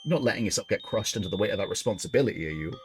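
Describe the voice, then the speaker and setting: A tough young biker gang leader, put on by a man reading a game aloud. He is gruff and blunt, pushing and challenging. Game music runs clearly behind him. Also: lowish voice, expressive, very fast. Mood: taunting. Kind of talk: reading a visual novel aloud.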